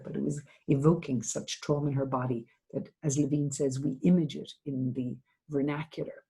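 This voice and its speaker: Middle-aged woman from Ireland, seminar speaker; dark, gravelly voice, gentle, thoughtful delivery. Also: sits low, poor audio. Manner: gentle, reflective, with hesitant restarts. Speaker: trauma therapist giving a seminar. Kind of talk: seminar talk, answering a question.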